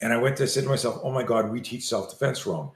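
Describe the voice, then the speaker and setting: Fast and medium-pitched, an older man who coaches self-defense delivers a long interview story, acting out its quoted lines in animated fashion. The recording is roomy and echoey.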